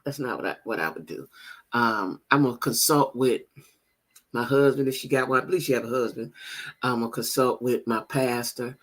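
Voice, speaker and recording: This gossip channel host has a bass voice and a brisk delivery. She addresses her viewers directly and casually, often repeating phrases for emphasis.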